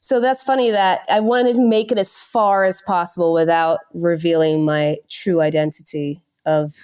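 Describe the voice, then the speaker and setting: Dutch-born woman, thirties, lower register, animated interview guest. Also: moderate pace, clear, resonant tone. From Netherlands. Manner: animated storyteller who mimics others' voices. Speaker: podcast guest. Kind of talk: casual interview chat.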